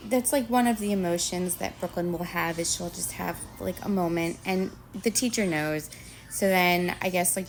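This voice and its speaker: A woman retelling a story about her child's school day in a casual, rambling way, full of fillers and quick turns into quoted voices. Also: on the low side. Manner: chatty, rambling retelling full of "you know" and "like"; slips into quoted voices for others. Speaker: parent telling a school story.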